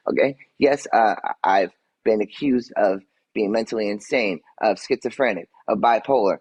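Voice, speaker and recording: A man's voice: fairly low pitch, breathy edge, poor audio. An agitated man on a livestream answering his chat, defensive and swearing, repeating himself as he vents. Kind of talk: livestream rant.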